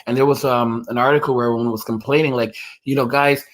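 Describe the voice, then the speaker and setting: A man chats casually on a livestream and answers his viewers as he goes. His voice sits in an ordinary middle pitch. He rambles, restarts sentences, and fills the gaps with "like" and "you know.". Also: steady tone, fast. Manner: rambling, heavy use of "like" and restarts. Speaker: livestream host reading chat.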